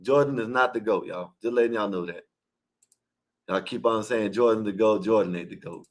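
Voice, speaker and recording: A man's voice: lowish voice, normal speed. Man in a fired-up sports argument. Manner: emphatic, repetitive, scolding the listeners. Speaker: caller in an online open panel. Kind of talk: heated casual sports debate.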